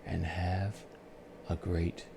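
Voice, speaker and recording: Calm, gravelly-voiced man telling his story. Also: low-pitched, background noise. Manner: calm, soothing, unhurried talk with pauses. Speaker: channel host telling his life story. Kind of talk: slow reflective storytelling.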